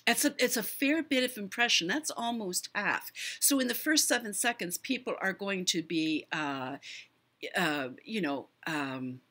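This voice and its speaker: A middle-aged woman hosting a live stream, giving voice tips in a measured way with many pauses and fillers. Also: mid-range voice, expressive, pushed and bright. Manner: measured, hesitant with fillers, demonstrates voice techniques. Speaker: host.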